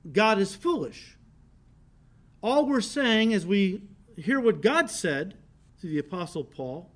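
A middle-aged man, a pastor, preaching a sermon and telling a story with lively swings from loud to quiet. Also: sits high. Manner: storytelling with animated shifts in volume, laughing.

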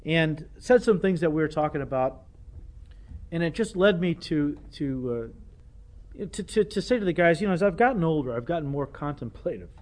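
An older male pastor delivers a sermon in a lively, self-deprecating way, stumbling over repeated words as he warms to his point. His voice sits a little higher than most men's. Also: moderate pace. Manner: animated, self-deprecating preaching with frequent repetitions.

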